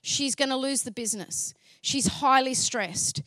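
A high-voiced woman tells her faith story with lots of life, acting out each line of dialogue and breaking into laughs. The sound is dry and close, with no room echo. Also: unhurried. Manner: lively, acts out dialogue, laughs often. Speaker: speaker sharing a faith testimony. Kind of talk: animated storytelling testimony.

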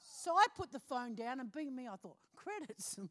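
High-voiced woman telling a lively testimony. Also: fairly quick. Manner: animated storytelling, acting out phone calls, laughing often. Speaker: preacher. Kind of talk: testimony from the pulpit.

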